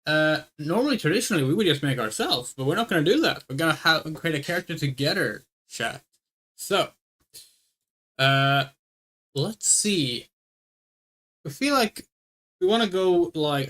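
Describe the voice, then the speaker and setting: A woman's voice: low-pitched, expressive, moderate pace, pauses often, a bit bright. A woman streaming a game, chatting casually with her viewers and thinking aloud as she picks options, referring to herself as "we". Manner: thinking aloud, rambling, speaks of self as "we". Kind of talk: casual let's play commentary.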